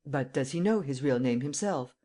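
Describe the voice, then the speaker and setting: A narrator reading the lines of a composed, middle-aged police chief who questions calmly and firmly. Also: male voice, medium pitch, normal speed, natural voice. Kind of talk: audiobook character voice.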